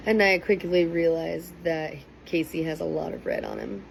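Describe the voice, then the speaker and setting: A young woman casually recapping and reacting to a TV episode, chatty and animated, with a faint hiss behind her. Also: on the low side, a little slow, gravelly, few pauses, poor audio. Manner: chatty, animated, quotes people in raised voices. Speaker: reaction commentator.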